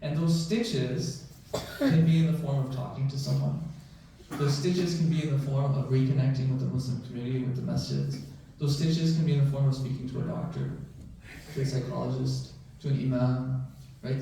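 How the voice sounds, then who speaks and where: This man, a physician, addresses a mosque crowd in a relaxed way, leaning on "right?" and "you know." His medium-pitched voice is steady, creaky and mellow at a normal speed. The recording has a little hiss or hum, with distant, echoey sound from the large prayer hall.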